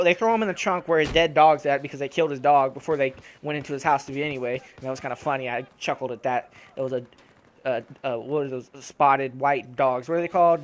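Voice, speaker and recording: A young man with a slightly high voice rants casually over gameplay as a YouTuber. He swears constantly and gets worked up, breaking into laughs as he talks into a home desktop mic. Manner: profane, animated ranting with laughs. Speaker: gaming YouTuber.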